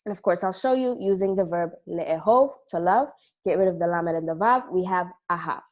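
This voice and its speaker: A woman's voice: on the low side, a little fast. A woman teaching an online language lesson, explaining patiently and pronouncing drill words carefully. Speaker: Hebrew teacher.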